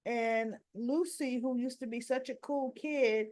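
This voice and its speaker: A woman's voice: on the high side, a little slow, darkish tone, no room sound. A woman hosting a casual soap opera recap vlog, giving strong opinions and retelling scenes with quoted dialogue.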